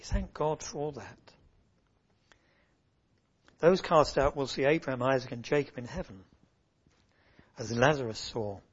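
Husky-voiced man preaching a sermon. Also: on the high side, a little mellow. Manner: earnest, rising and falling emphasis. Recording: muffled lo-fi recording.

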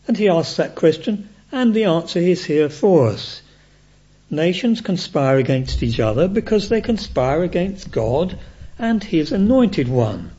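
A man preaching a sermon in a measured, emphatic way. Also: sits high, big pitch swings, dark tone, slightly rough. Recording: dull lo-fi recording.

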